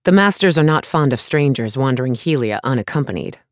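A man's voice: medium pitch, animated, brisk, no echo, studio quality, pitched above the performer's own voice, close to an everyday voice. A man doing a sarcastic little woman artificer. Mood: wry. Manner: blunt, impatient, scornful.

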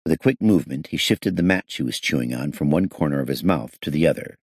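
A man reading a detective novel aloud as an audiobook narrator, shifting his pitch to voice the characters. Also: expressive, fast talker, breathy edge, no room sound, studio quality.

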